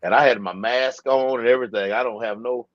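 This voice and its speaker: A man hosts a podcast in a relaxed storytelling manner and laughs easily. His voice sits at an ordinary pitch. The recording is muffled and lo-fi, with a dry, close sound. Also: fairly quick, no room sound. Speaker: podcast host. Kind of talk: casual podcast chat. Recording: dull dry lo-fi mic.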